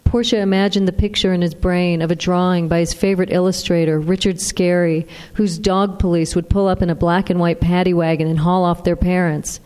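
A woman narrating an audiobook in a steady, even reading. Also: lowish voice, brisk, hardly any pauses, smooth. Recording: long reverb.

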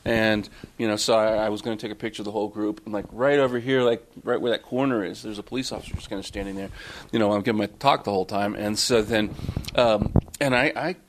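A man's voice: lowish voice, steady tone, fast. A man from Florida, an author telling anecdotes to an audience at a book talk, rambling with many fillers and restarts. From Florida, USA. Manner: rambling, self-interrupting, many fillers, chuckling. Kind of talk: casual live storytelling to an audience.

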